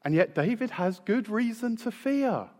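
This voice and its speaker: A man preaching a sermon in a measured, emphatic way, slowing down to stress key phrases. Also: high voice, animated, darkish tone. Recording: long reverb in a large hall.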